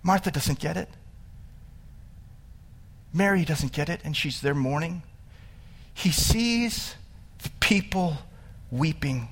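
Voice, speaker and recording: Man, pastor, sermon, slightly high voice, animated storytelling, swings between loud and hushed. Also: takes it slowly, long pauses, breathy edge.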